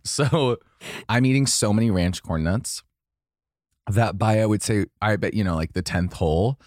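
A man's voice: fairly low pitch, normal speed, a little mellow, dry recording, clean studio sound. A young man co-hosting a podcast in casual chat, rambling and laughing often as he tells stories. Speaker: podcast co-host.

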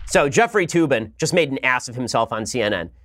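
Rapid-fire sarcastic male commentator. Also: medium pitch, lively intonation, a bit bright, a little hiss or hum. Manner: sarcastic, mocking. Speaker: political commentary host. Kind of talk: fast combative commentary monologue.

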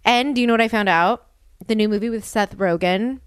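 A young woman hosting a podcast in casual chat, talking fast with lots of "like" fillers. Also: fairly high pitch, clear, resonant tone, no room sound, clean studio sound. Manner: chatty, filler-heavy with lots of "like". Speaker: podcast host.

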